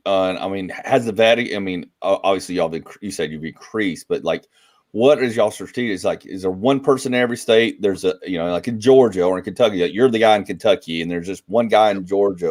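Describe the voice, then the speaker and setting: A man hosting a casual podcast, reading out viewer questions in a relaxed way with many fillers. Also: sits low, a little fast. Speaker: podcast host.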